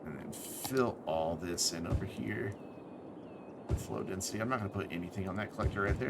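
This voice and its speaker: Gravelly-voiced man streaming a city builder. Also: low voice, fairly quick, background noise. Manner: thinks aloud, self-correcting. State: tired, with hiccups. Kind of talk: casual gameplay commentary.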